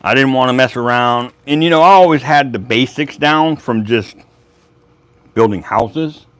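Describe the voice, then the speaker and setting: A man's voice: mid-range voice, measured pace, fairly bright tone, smooth, no room sound. A man hosting a woodworking channel, chatting casually to a live audience in a laid-back, rambling way. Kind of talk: casual livestream chat.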